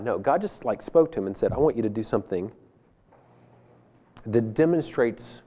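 A man's voice: on the low side, expressive, normal speed, long pauses. Man telling a joking sermon story. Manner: humorous storytelling, swings between loud and hushed. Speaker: pastor. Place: church hall.

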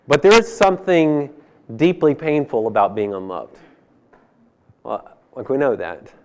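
Man preaching, humorous story, swings loud to quiet, fairly high voice. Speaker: pastor. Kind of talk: sermon. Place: church hall.

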